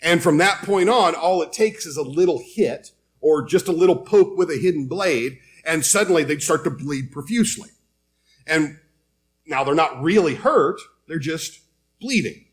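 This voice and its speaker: A man's voice: on the high side, expressive, moderate pace. A man preaching a sermon, telling a Bible story in a conversational way and reading scripture aloud.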